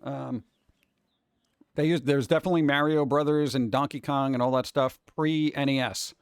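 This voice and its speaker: With a steady, smooth, mid-range voice at normal speed, a male livestream artist chats casually and rambles to viewers while working, giving step-by-step, hands-on instructions. It's studio-quality audio with no room sound.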